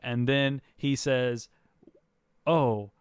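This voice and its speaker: A man with a smooth, clear voice tells a story in a loose, rambling way, laughing along with it. He is recorded close and dry in a casual podcast chat. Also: medium pitch, moderate pace, fairly bright tone, no echo. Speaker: podcast co-host.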